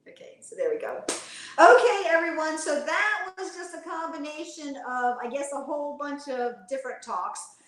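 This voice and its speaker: A woman's voice: sits high, lively intonation, moderate pace, fairly bright tone, reverberant, rough recording. A woman financial coach talking to viewers on a livestream, upbeat and encouraging, chatty, often checking in with her audience. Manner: upbeat, encouraging, chatty with "you guys" and "right?". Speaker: financial coach and real estate investor.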